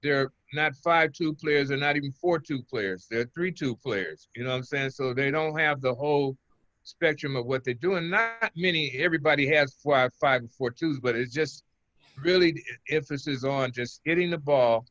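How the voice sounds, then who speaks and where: Older man guest, relaxed rambling storyteller, dry close mic, muffled lo-fi sound. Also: a little high, moderate pace, no echo. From Oakland, California. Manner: relaxed, rambling, chuckles between stories. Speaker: interview guest, former pitcher. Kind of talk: casual interview storytelling.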